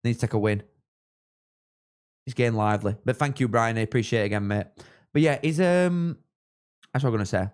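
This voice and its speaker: Host type: young man, rambling casual stream chat, mid-pitched, erupts when play gets close. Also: brisk, pauses often, clean tone. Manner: chatty, rambling, bursts into excited shouts at chances. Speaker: streamer hosting a live football watchalong. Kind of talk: casual live-stream chat with match reactions.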